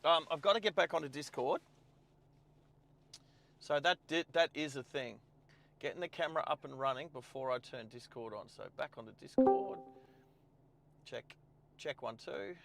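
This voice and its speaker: Australian male stream host, casual and rambling, slightly raised pitch. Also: normal speed, creaky, pauses often. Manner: chatty, thinks aloud while setting up. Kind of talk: casual live-stream chat. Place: in a car.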